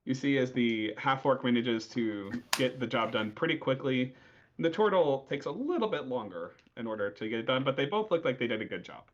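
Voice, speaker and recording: A man's voice: mid-range voice, lively intonation, brisk. A man narrating as game master in a tabletop game, with loose, filler-heavy description. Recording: dull lo-fi recording.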